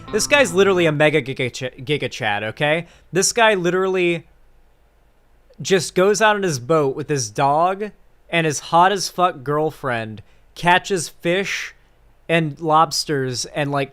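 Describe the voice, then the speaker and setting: A young man riffs over a video in loose, crude, excitable commentary, his voice sitting a little high for a man. Steady background music runs beneath him the whole time. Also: clean tone. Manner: excitable, joking, crude, quick asides. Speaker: commentary streamer reacting to a video. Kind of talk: casual reaction commentary.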